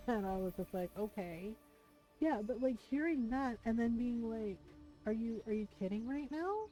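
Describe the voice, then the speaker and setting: A woman's voice: on the high side, animated, unhurried, mellow, soft background music, poor audio. A middle-aged woman streamer telling a personal story in casual chat while she plays, frank and full of swearing, laughing between lines.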